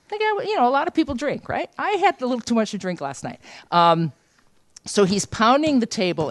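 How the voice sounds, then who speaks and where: A woman leading a journalism seminar, telling a lively anecdote and acting out the voices of the people in it. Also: on the low side, dry recording. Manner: lively anecdotal, acts out quoted dialogue. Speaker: journalism trainer. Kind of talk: storytelling seminar talk. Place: seminar room.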